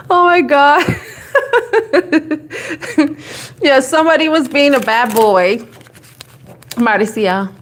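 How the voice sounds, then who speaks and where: A woman's voice: sits high, very slow, long pauses. A woman tarot reader chatting casually on a live stream, giggling and breaking into fits of laughter.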